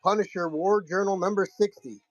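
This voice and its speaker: A man's voice: high voice, fairly quick, no echo, soft background music, poor audio. A man hosting a live comic sale, telling a rambling, profane story in a casual way.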